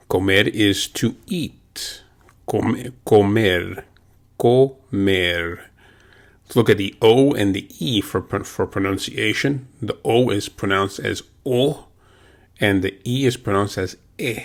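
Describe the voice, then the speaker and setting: A man leads a language lesson, saying each word slowly and repeating it for listeners to copy. His voice sits a little low and has a gravelly, creaky texture. He keeps an unhurried, patient pace. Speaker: language teacher.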